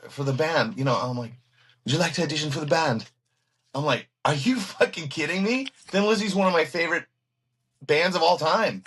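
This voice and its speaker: A husky man with a fairly high voice tells stories in an interview, jumping between his own words and quoted voices. He talks excitedly and restarts often, his energy rising as he goes. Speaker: guest musician. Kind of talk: animated storytelling in an interview.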